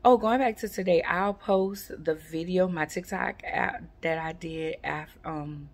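A woman, chatting casually to her viewers in a rambling, relaxed way with lots of fillers. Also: on the low side, measured pace. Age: 40s. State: sleepy, yawning. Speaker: vlogger. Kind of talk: casual chat to camera.

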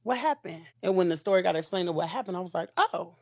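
A man talking in an emotional interview, animated and calling on the Lord between his words. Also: high voice, very fast, dry recording, studio quality. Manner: emotional, animated, with religious exclamations. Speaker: interview guest.

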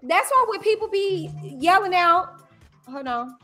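A woman YouTuber hosting a livestream commentary, talking in an animated, emphatic way and repeating phrases. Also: very high voice, a little slow, faint music behind. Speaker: YouTuber host.

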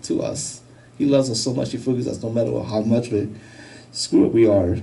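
A man giving a personal testimony, telling his story in a halting, emotional way with many restarts. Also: medium pitch, creaky, warm tone, far from the mic, poor audio. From United States. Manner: halting, repeats words, emotional.

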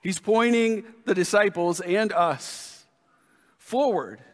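Male pastor, high voice, slow earnest sermon delivery, church sanctuary reverb. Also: lively intonation. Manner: earnest, repeats key phrases slowly.

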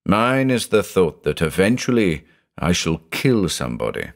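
A man's voice: sits low, sing-song, normal speed. A man voicing a tormented older male judge who is brooding and anguished and says he is haunted by thoughts of murder.

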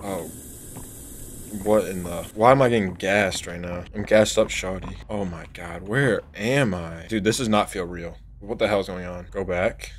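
A low-voiced man streams a horror game at normal speed, with slight background noise. He's jumpy, swears, shouts when scared and chats with his viewers in this let's play commentary.

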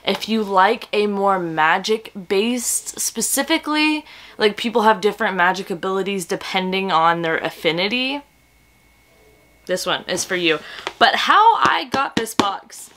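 A woman in her twenties chatting in a casual book vlog at home, gushing and excitable, breaking into gasps and breathy whispers. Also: on the high side, unhurried, a little hiss or hum. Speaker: book vlogger.

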